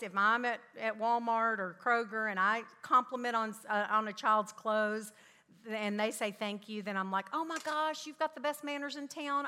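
A middle-aged woman speaking to parents, telling family stories with animated energy and acting out her children's voices. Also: fairly high pitch. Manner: animated storytelling, acts out her kids' voices. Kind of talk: talk to parents with anecdotes. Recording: long hall reverb.

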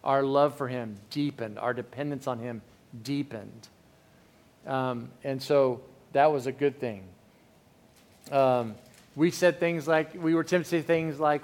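A man's voice: medium pitch, steady tone, a little slow, darkish tone. A middle-aged man preaching a sermon in a candid, conversational way, often restarting his sentences. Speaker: pastor.

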